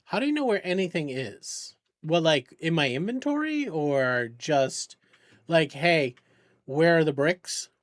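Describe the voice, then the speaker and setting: Casual male game streamer, fairly high voice, rambling, swears under frustration, close dry sound. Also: expressive, unhurried, no room sound. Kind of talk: casual live-stream chat while gaming.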